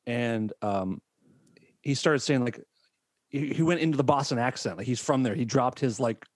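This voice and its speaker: A man from Massachusetts with a medium-pitched voice trades stories in relaxed chat. He jokes easily and drops quick wisecracks. His voice is recorded close and dry. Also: dry recording. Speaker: musician. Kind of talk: casual chat.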